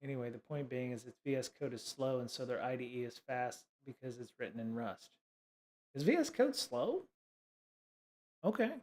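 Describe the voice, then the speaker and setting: Male stream host, mid-pitched voice, loose, sarcastic, full of fillers. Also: fast, hardly any pauses, a little mellow. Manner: rambling, sarcastic asides, many fillers. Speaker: livestream host teaching coding. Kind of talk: casual livestream tutorial.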